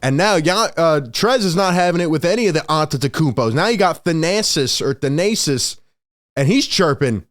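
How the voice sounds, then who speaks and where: Excitable male sports video host. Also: a little high, normal speed, no echo, clean studio sound. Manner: excitable, laughing, acts out quoted players. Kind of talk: casual game recap commentary.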